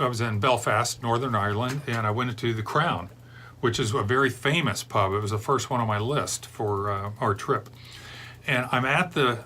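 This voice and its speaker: Middle-aged man, beer show host, chatty digressive talk, bright forceful tone, faint hiss behind. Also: medium pitch. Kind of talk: rambling casual chat.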